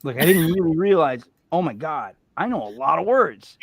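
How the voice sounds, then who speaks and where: A man hosting a podcast, chatting casually in an animated, joking, rambling way. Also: a little high, moderate pace, vocal fry, husky. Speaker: podcast host. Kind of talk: casual chat.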